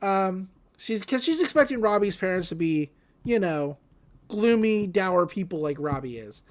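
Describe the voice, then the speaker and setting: Woman podcast co-host, casual recapper, lively and sing-song. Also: mid-range voice, unhurried. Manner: animated retelling with many fillers.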